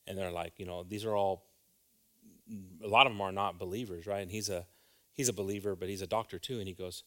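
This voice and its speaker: Bright-voiced fervent preacher, man. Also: low voice, fast. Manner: conversational, often asks the congregation "right?"; builds from quiet musing to loud, fervent exhortation. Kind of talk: informal sermon.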